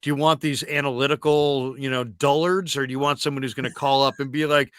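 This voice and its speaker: Bright animated sports show host man. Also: medium pitch, brisk, few pauses, smooth, dry recording. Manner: animated storyteller, shouts quoted callers. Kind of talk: sports talk show banter.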